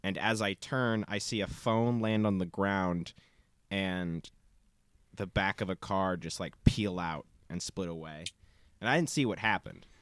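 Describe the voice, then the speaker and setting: Man, lowish voice, rambling casual storytelling, acts out quotes, dry close sound. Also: unhurried, a bit bright, clear, resonant tone, no echo. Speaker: podcast co-host.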